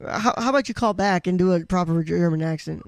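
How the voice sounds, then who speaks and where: A man's voice: sits high, brisk, clear, resonant tone, no echo. A man co-hosting a casual live-stream podcast, rambling with lots of fillers and restarts. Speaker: podcast co-host.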